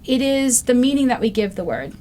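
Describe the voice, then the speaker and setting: A woman's voice: fairly high pitch, very animated, brisk, dark tone, soft background music. A woman in her fifties hosting a recovery show, talking reflectively and earnestly with frequent ums. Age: 50s. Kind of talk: casual talk-show monologue.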